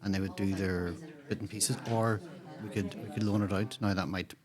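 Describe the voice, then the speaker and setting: A man's voice: low voice, steady tone, moderate pace. A man hosting a casual community podcast interview, rambling through restarts and fillers. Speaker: podcast host and digital hub coordinator. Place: community centre room. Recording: background chatter of a group.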